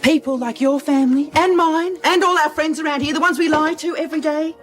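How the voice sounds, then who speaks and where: An actress playing an angry, fed-up wife in a 1980s TV soap, sharp and accusing. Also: female voice, high voice, steady tone, brisk, lightly acted. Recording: soap clip with music behind.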